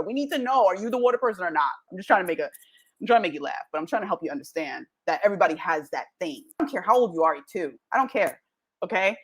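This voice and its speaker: A woman's voice: medium pitch, expressive, quick pace, breathy edge. A woman hosting her own podcast, giving a jokey motivational talk and acting out quoted voices as she goes. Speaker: podcast host.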